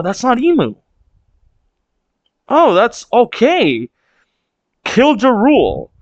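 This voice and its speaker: A man's voice: high-pitched, dry recording, muffled recording. A man hosting a casual manga read-along reaction, rambling with restarts and casual swearing.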